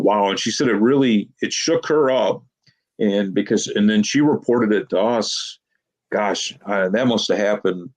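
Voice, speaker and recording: A man being interviewed as a Bigfoot investigator, telling long rambling anecdotes and quoting people with "she goes.". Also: lowish voice. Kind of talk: casual storytelling interview.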